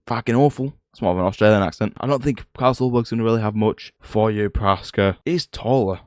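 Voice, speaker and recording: Give me a fast-talking young man with a low voice, blunt and excitable. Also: smooth, dry recording, clean studio sound. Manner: excitable, blunt and profane, fires rhetorical questions. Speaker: MMA prediction YouTuber. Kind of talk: casual fight predictions vlog.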